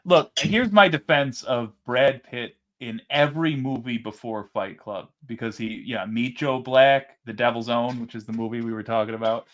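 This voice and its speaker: A man's voice: mid-range voice, normal speed, hardly any pauses. A man co-hosting a casual podcast chat, rambling and arguing his points while acting out quotes. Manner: rambling, argumentative, acts out quotes. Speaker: podcast co-host.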